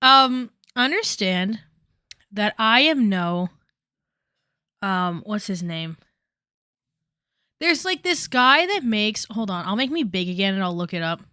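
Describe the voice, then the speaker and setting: A woman's voice: mid-range voice, animated, takes it slowly, pauses often, sharp tone, clear, resonant tone, dry recording, clean studio sound. A young woman chatting casually on a commentary stream, rambling with many fillers and asides.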